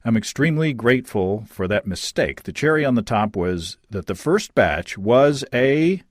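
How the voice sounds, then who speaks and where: A man's voice: medium pitch, moderate pace, no echo, studio quality. A man hosting a casual chat, reading listener letters aloud with frequent fillers and laughter. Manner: lively, laughing, many fillers and restarts. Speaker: podcast host.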